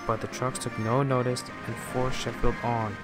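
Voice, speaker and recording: A man giving scripted storybook narration in a slow, measured way. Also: medium pitch, level tone. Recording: music playing underneath.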